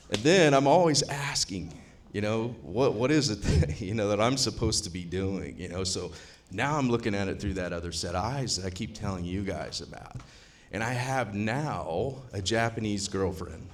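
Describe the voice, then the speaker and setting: A man's voice: lowish voice, animated, moderate pace. A man, talking casually and profanely to a live seminar audience, rambling and joking as he goes. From US Midwest. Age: 50s. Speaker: seminar attendee speaking.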